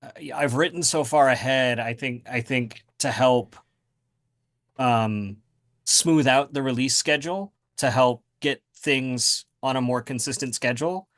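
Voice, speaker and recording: A man's voice: mid-range voice, measured pace, a bit bright. Rambling man with lots of ums. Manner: rambling, many fillers and restarts. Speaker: guest author. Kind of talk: casual interview chat.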